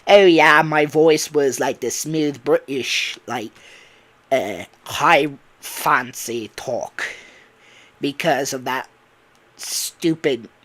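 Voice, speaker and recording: A man voicing a cheerful male robot with a put-on Cockney accent, loud and chummy. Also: medium pitch, drawn-out words.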